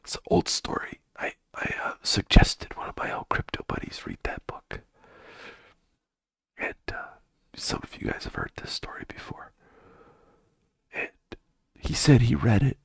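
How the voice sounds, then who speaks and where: Male stream host, casual, profane, gravelly and low, drifts into half-whispers, very swingy intonation. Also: wildly swooping pitch, unhurried, long pauses, dry recording, studio quality. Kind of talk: casual live-stream chat.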